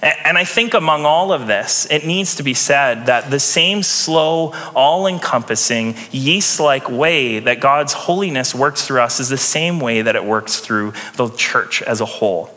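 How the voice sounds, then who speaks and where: Young man preaching, bright and ringing, relaxed and chatty, church reverb behind him. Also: mid-range voice, measured pace, hardly any pauses. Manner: conversational, chuckles often, light sarcasm. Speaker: pastor. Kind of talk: sermon. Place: church sanctuary.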